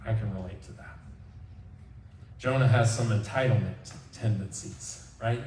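A man preaching a conversational sermon as pastor, animated and acting out the people he quotes. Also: fairly low pitch, unhurried, slight background noise. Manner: animated, acts out quoted voices. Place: church sanctuary. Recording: echoey church hall from far off.

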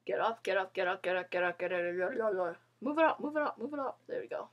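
A woman's voice: mid-range voice, animated, racing, lo-fi sound. A young woman giving playful let's-play commentary, giggling often and bossing other players around. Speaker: gamer.

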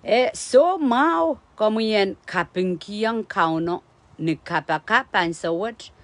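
A woman's voice: medium pitch, animated, slow pace, no echo. Emphatic woman preaching a sermon. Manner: emphatic preaching, often checking in with listeners.

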